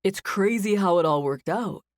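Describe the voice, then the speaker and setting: A woman's voice: expressive, normal speed, no room sound, clean studio sound, close to an everyday voice. A woman voicing an earnest, restrained young man in an audiobook, speaking in a matter-of-fact way. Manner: low, matter-of-fact, understated. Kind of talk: audiobook character voice.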